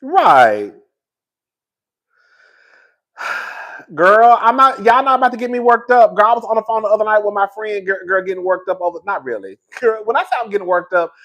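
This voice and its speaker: A young man giving sassy, dramatic reality TV commentary, swinging between loud outbursts and calm asides. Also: high voice, moderate pace, long pauses. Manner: sassy, calls listeners girl. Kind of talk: casual reaction commentary.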